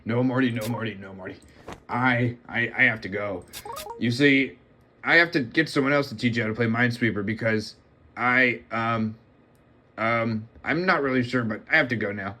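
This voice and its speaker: A man voicing a cranky old cartoon scientist, gruff and halting. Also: mid-range voice, sharp tone, slight background noise, lightly acted. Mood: evasive. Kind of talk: comedic cartoon impression.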